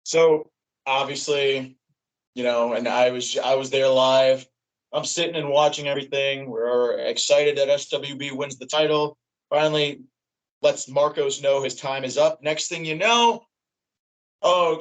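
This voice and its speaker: A man guest excitedly retelling what he saw live, his voice jumping high when he quotes himself. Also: poor audio. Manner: animated, voice jumps high when quoting himself. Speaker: wrestling fan guest. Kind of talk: excited recounting in casual chat.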